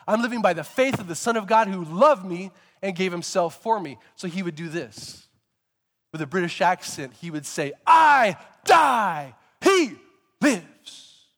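A man preaching a sermon, telling stories in a lively way and sometimes rising to emphatic shouts. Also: a little high, long reverb tail. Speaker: pastor.

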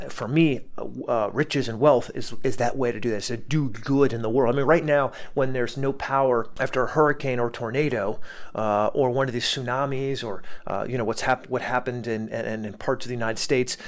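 A man giving an earnest motivational talk, often repeating words and restarting his sentences. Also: mid-range voice. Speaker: motivational speaker.

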